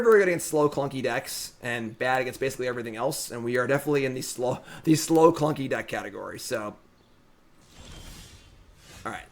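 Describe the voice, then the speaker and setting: A man streaming a card game from home, talking casually to his viewers with excitable commentary. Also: mid-range voice, creaky. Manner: excitable, talks to the audience as "folks".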